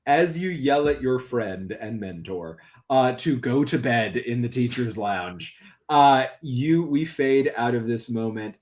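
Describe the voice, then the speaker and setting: A man's voice: medium pitch, expressive, takes it slowly. A man acting as game master, explaining the rules of a tabletop game with many fillers.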